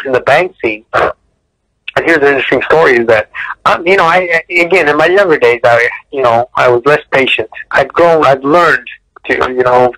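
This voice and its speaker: A man telling stories from his film career in a casual interview, animated, often repeating words and clearing his throat. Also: no echo, poor audio. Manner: animated storyteller, acts out quotes with sudden high bursts. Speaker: martial arts director and choreographer, guest.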